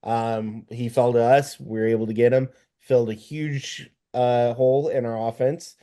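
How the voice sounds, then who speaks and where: A man's voice: mid-range voice, steady tone, moderate pace, mellow. A man co-hosting a casual sports podcast, talking hesitantly with many fillers and self-corrections. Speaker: podcast co-host.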